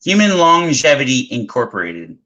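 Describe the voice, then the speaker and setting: A man's voice: medium pitch, very animated, normal speed, bright, forceful tone, rough recording. A man from Canada co-hosting a casual conspiracy podcast, laughing often and stumbling over words as he reads his research. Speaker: podcast co-host.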